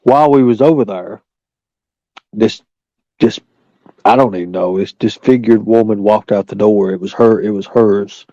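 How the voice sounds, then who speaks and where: A man's voice: lowish voice, moderate pace, long pauses, mellow, dry recording. A man telling a rambling, profane story in a casual way, full of restarts and fillers. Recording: dull lo-fi recording.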